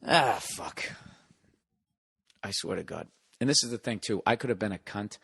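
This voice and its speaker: A comedian hosting a podcast, telling a long profane story in a casual monologue, exasperated and sarcastic. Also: male voice, fairly low pitch, quick pace, gravelly, fairly bright tone, husky.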